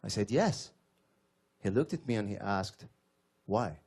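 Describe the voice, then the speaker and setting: A man with a French accent performing stand-up comedy in a comedy club, with an animated, punchy delivery. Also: fairly low pitch, moderate pace, vocal fry. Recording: noisy club recording.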